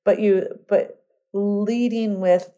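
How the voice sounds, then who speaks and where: A middle-aged woman entrepreneur telling long stories in a casual interview, rambling and animated, full of fillers and restarts. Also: mid-range voice, slow. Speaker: guest entrepreneur.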